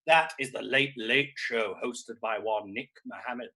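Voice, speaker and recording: A man's voice: mid-range voice, measured pace, bright, forceful tone, breathy edge, pitched below the performer's own voice, full character voice, poor audio. A male comedian playing a vain, self-absorbed aging stage actress, hosting a streamed comedy show from home with camp, theatrical, sweary delivery. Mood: grandiose. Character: vain grande dame actress, middle-aged woman, theatrical and self-absorbed. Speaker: comedian host. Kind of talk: live-streamed character comedy. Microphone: laptop or streaming mic.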